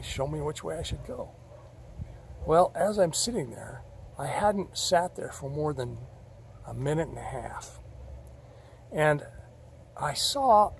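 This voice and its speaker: Man, earnest storyteller, gravelly and rambling. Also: medium pitch, darkish tone, slight background noise. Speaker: vlogger. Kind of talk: personal storytelling.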